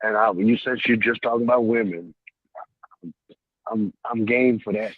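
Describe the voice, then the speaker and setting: A man calling in to a morning radio talk show, chatting in an animated way, laughing often and crying out to the Lord. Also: mid-range voice, normal speed, creaky, dry recording. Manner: animated, laughing, preacherly exclamations. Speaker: caller. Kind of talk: casual call-in talk. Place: warehouse. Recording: phone line.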